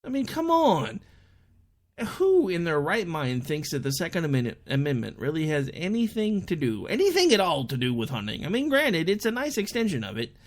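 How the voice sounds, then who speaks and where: A man's voice: a little high, huge pitch swings, brisk, hardly any pauses. A young adult man hosting an online talk show, chatting through a casual monologue and telling stories in which he quotes people in raised voices.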